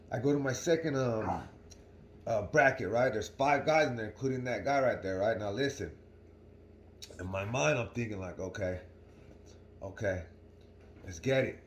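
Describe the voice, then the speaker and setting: A man's voice: lowish voice, animated, normal speed, long pauses, roomy sound, slight background noise. A young man telling a story casually to his viewers in a slangy, rambling way, often asking "right?". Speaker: vlogger.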